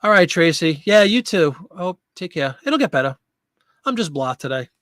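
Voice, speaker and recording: A man's voice: on the high side, big pitch swings, normal speed, a bit bright, no echo. A middle-aged man hosting a casual live chat show, chatting and answering viewer comments. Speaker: host of a live chat show for online sellers.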